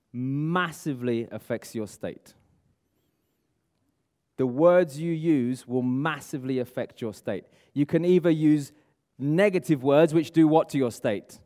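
Man, motivational speaker, energetic crowd-coaching delivery, higher voice. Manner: energetic, coaching, asks the audience questions. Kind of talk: live seminar talk to room and online audience.

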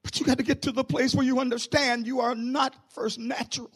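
A man preaching a sermon to his church, rising into shouts and falling to a hush. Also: very high-pitched, flat delivery, brisk, husky. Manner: preaching with sudden shouts and hushed drops. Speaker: pastor.

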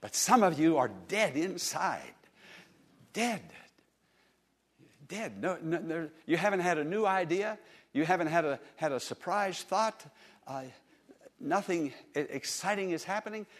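A man with a fairly high voice preaches a sermon to his congregation. His delivery is impassioned. He swings between loud declarations and quieter, intimate passages and often repeats words as he builds. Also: lively intonation, normal speed. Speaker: pastor. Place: church service.

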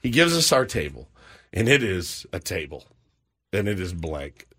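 This deep, husky male voice moves at a moderate pace as he hosts morning sports radio over a studio mic. He's chatting casually, spinning a story and performing the quotes of its characters with lively energy.

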